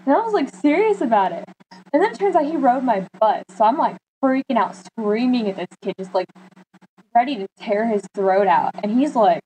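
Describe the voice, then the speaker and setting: A teenage girl tells a long personal story to her camera in a casual, chatty way, jumping into lively quotes of her friends and family. Her voice sits a little high, and a faint hiss runs under the recording. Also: brisk, poor audio. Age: teens. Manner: chatty, animated quoting of friends. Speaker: vlogger.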